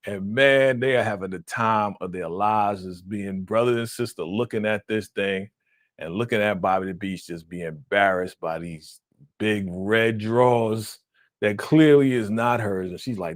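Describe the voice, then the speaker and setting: A man hosting a casual live-stream reaction, animated and laughing, acting out quotes in a raised voice. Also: on the low side, unhurried, no echo, studio quality.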